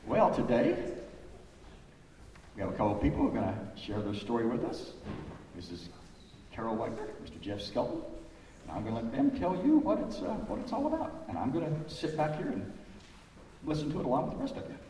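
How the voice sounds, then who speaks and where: A pastor calling children forward in a church service, upbeat and welcoming. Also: male voice, mid-range voice, wildly swooping pitch, brisk, pauses often, mellow. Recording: echoey church hall, far off, faint noise.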